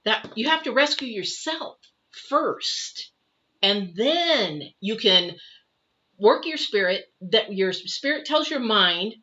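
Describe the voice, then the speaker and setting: A woman's voice: mid-range voice, lively intonation, slow, sharp tone, highs cut off. A woman giving a live tarot reading, talking in a rambling, conversational way to viewers she addresses directly. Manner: rambling, conversational, acts out quoted people. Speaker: tarot reader.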